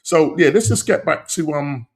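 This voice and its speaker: A man hosting a casual football podcast, talking in excited, slangy bursts and repeating phrases. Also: a little high, moderate pace. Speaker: podcast host.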